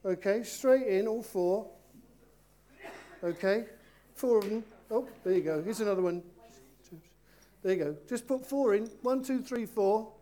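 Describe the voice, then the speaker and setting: A man's voice: high-pitched, unhurried, long pauses, warm tone. A man preaching in a church, leading a children's talk with volunteers and speaking playfully and directly to them. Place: church before a congregation.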